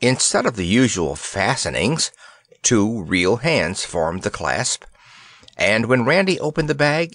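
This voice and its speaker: Unhurried man reading a children's story. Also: mid-range voice, fairly bright tone, dry recording, studio quality. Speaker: audiobook narrator. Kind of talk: scripted storybook narration.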